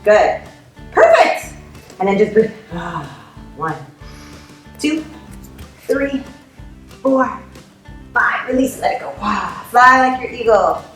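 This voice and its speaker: A woman's voice: a little high, measured pace, pauses often, a bit bright, reverberant, soft background music. A woman teaching a family yoga class, upbeat and playful, making animal sounds as she guides poses.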